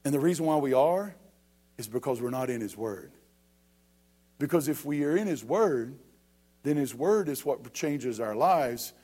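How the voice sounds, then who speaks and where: A pastor preaches a sermon with rising emphasis, breaking in often to ask the congregation "you ready?" His medium-pitched voice is mellow and animated, moving at a measured pace with long pauses.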